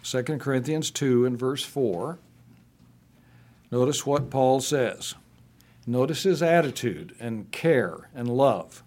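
A middle-aged male preacher delivering a sermon at a very unhurried, measured pace. He reads scripture verse by verse, lifting his voice and drawing out the words he wants to stress. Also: darkish tone. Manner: slows and rises in pitch to stress scripture he reads aloud.

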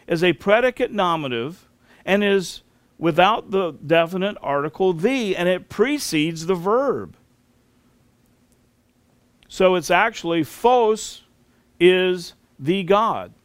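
A man gives a Bible teaching sermon, unhurried and methodical, with a voice sitting a little high for a man. The sound is dry and close, with no room around it. He walks through each point carefully and spells out terms. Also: no echo. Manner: slow, deliberate explaining with spelled-out terms.

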